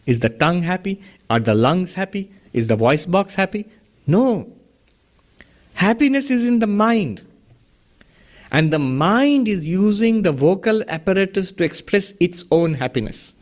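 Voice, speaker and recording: A man's voice: high-pitched, expressive, measured pace. A man giving a philosophy lecture in a study session, explaining step by step with rhetorical questions and Sanskrit terms. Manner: chuckles at his own wordplay. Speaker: teacher of a Vedanta study session.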